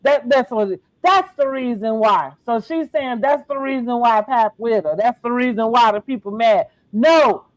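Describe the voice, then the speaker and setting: Middle-aged woman gossiping on her podcast, real high voice, laughs a lot, dry mic. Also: moderate pace, hardly any pauses, dry recording, poor audio. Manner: animated, slangy, laughs often. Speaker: podcast host. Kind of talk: casual reality-TV recap chat.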